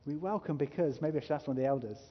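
An earnest pastor preaches to his congregation, his husky voice sitting a touch higher than most men's. The sound is muffled and carries a long church-hall echo. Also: racing. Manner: earnest, rising to emphatic preaching. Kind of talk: sermon.

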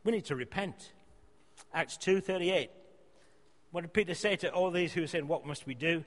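High-voiced preacher in a reverberant hall. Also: male voice, normal speed. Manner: earnest, emphatic, rising to loud exhortation then dropping soft. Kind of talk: sermon. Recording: long reverb of a church hall.

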